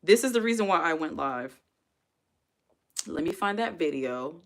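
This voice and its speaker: A woman chats loosely with her live viewers and reads their comments aloud. Her voice sits a little low, and she talks in an easygoing, rambling way. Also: animated, normal speed. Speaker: livestream host. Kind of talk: casual live-stream chat.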